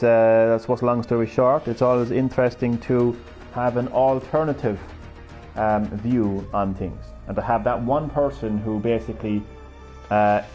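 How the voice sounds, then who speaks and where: A man commenting live on his own fighting game match in a loose, rambling way, cursing freely as he plays. His voice sits at an ordinary middle pitch. Faint game music plays underneath. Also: warm tone, highs cut off. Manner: rambling, chatty, swears freely. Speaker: gaming live streamer. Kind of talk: casual gameplay commentary.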